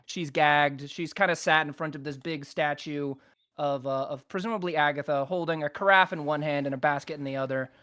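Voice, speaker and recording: A man's voice: on the high side, steady tone, brisk, bright, forceful tone, smooth, no echo, studio quality. A young man narrating as game master, rambling with many fillers and restarts.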